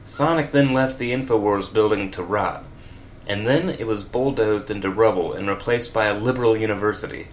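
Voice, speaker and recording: Low-voiced man reading fan fiction aloud. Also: moderate pace, slight background noise. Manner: wry, laughing asides. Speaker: reader of comedic fan fiction. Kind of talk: comedic read-aloud with commentary.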